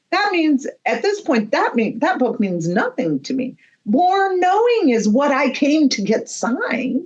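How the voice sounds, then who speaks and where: A woman medium, a guest on a podcast, telling a story in an animated way and acting out the dialogue. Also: on the high side, dull audio. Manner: animated storyteller who acts out quoted dialogue.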